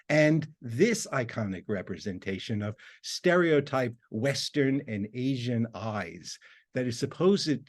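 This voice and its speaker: A man, a university lecturer, reading a prepared academic talk in a measured, formal way. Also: fairly low pitch.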